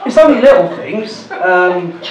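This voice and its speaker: A man's voice: high-pitched, lively intonation, a little slow. A middle-aged man doing a stand-up comedy set, teasing the crowd and swearing a lot. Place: small club gig with a laughing crowd. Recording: roomy hall taken from far off, loud noise.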